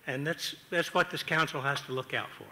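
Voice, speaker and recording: Bright, chatty man at council hearing. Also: a little high, fairly quick, in a large hall. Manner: chatty, self-deprecating, contrarian. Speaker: public commenter. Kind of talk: public hearing testimony. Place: council chamber.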